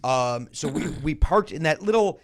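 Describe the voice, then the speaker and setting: A man's voice: fairly high pitch, normal speed. Guy on a comedy podcast telling a story, acts out everyone's lines, voice jumps up and down a lot. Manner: animated storyteller, acts out both sides of a quarrel. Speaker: podcast host. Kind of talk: casual comedy podcast chat.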